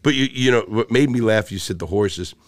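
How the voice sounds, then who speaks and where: Profane Brooklyn storyteller, low voice. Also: male voice, fairly quick, no echo. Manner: swears constantly, animated storyteller acting out dialogue. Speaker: podcast guest, former jewel thief.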